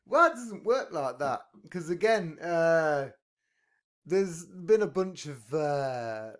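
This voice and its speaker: A man in casual podcast chat, rambling and profane, joking a lot. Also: on the high side. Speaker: podcast talker.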